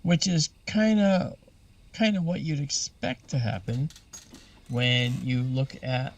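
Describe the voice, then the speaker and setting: A man's voice: medium pitch, steady tone, slow, creaky, far from the mic. A man patiently explaining astronomy as a guest in an interview, spelling out terms as he goes.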